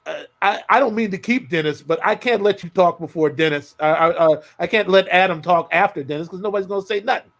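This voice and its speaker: High, gravelly-voiced laid-back male host. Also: quick pace, hardly any pauses. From Minneapolis area. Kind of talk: casual panel chat.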